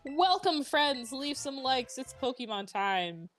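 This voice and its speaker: Woman co-host on a game stream; bright chatter, sing-song pitch, reads chat. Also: big pitch swings, takes it slowly, faint music behind. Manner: chatty, laughs often, reads chat aloud. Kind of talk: casual gaming stream chat.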